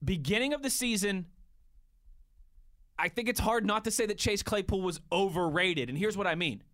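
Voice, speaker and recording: A man's voice: high-pitched, moderate pace, a bit bright. A man co-hosting a casual sports radio show, joking around and breaking down players. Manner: joking, analytical, chuckles.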